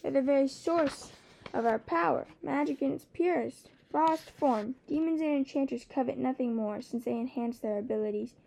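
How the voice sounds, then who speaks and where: A woman's voice: high-pitched, moderate pace, vocal fry, warm tone, pitched above the performer's own voice. A woman reading the part of a proud, wry young male dragon in an audiobook, teasing and a little haughty. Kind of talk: audiobook character voice.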